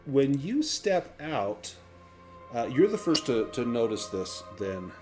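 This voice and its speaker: A male game master narrates a tabletop role-playing game in a mid-range voice. He describes scenes at an unhurried pace, pausing with fillers as he goes. Faint music plays behind him. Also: medium pitch, very animated, darkish tone.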